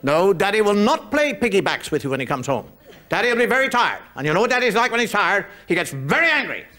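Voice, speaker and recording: A man voicing a prim mother scolding her small boy, sweetly threatening and slow. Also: high voice, sing-song, bright, forceful tone, heavily acted. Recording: live audience laughter, noisy room.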